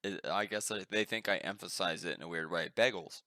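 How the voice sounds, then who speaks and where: Bright-voiced swearing young podcast host. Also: male voice, low-pitched, a little fast, no echo, studio quality. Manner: animated storyteller, swears freely. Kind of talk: casual chat.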